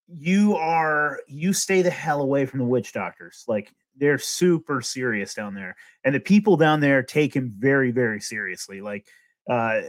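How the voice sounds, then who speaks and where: A young adult man telling a spooky story in casual chat, animated and full of fillers and laughs. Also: mid-range voice. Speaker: podcast host.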